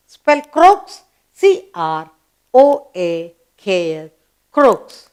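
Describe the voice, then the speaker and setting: A woman with an Indian English accent teaching a children's grammar lesson, spelling words out letter by letter in a slow teacherly voice. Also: on the high side, very animated, smooth.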